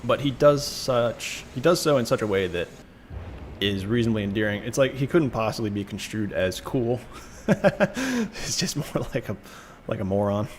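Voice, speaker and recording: A man's voice: mid-range voice, normal speed, slight background noise. A Canadian man streaming a shooter game, talking through it casually and wryly, reading chat aloud. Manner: relaxed, chatty, wry, often laughing. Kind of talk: casual gameplay commentary.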